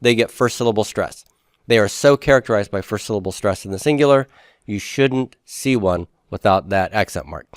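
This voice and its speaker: A man with a lowish voice teaches a Hebrew grammar class at a moderate pace, explaining step by step and posing questions to the class before answering them himself. It's a classroom lecture captured as clean studio sound with no room sound.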